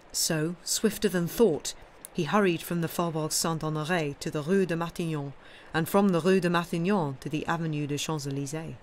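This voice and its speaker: A woman reading a classic novel aloud on a live stream, with expressive, steady narration. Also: deep voice, normal speed, hardly any pauses, slight background noise. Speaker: audiobook reader.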